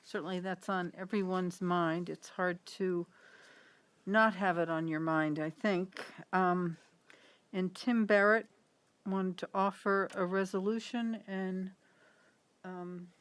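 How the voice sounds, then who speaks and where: A woman chairing a town council meeting, moving briskly through agenda items and calling votes. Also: on the low side, steady tone, clean tone.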